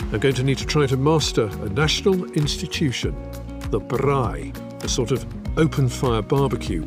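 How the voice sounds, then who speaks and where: Man narrating with a lively, varied voice. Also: medium pitch. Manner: wry, measured voice-over. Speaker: presenter. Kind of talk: scripted narration.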